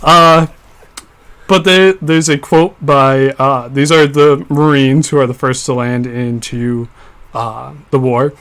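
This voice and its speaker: A man's voice: medium pitch, fairly even intonation, slow, a bit bright. Young man explaining history on a podcast. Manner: explanatory, with frequent fillers. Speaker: podcast co-host. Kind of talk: casual history podcast chat.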